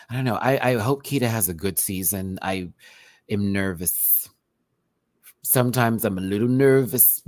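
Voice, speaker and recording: Brief: young male streamer, lively pitch swings, dry close sound, excitable and gushing. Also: no echo. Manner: animated, gushing, breaks into excited squeals. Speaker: reality TV reviewer. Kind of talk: live-stream commentary.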